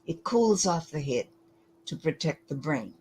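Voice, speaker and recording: A woman giving lecture-style commentary, deliberate and emphatic, often pausing to ask rhetorical questions. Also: low voice, sing-song, a little mellow, slight background noise, poor audio.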